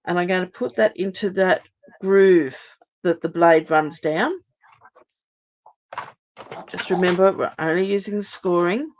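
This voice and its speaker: Hoarse middle-aged woman demonstrating crafts. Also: lowish voice, a little slow, long pauses, muffled recording. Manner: chatty, step-by-step, many ums. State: hoarse, recovering voice. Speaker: crafting live-stream host. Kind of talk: live card-making demonstration.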